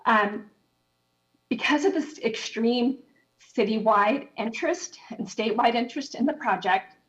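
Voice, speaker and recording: A woman giving public comment at a council meeting, out of breath, talking in a hurried and apologetic way with lots of fillers. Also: a little high, a bit bright, lo-fi sound.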